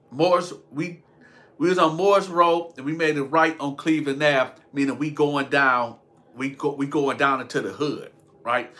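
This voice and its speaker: A man's voice: fairly high pitch, bright, forceful tone. A young man telling a rambling, slangy prison and street story to his viewers, often laughing at himself. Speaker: storytelling vlogger. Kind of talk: casual storytime monologue.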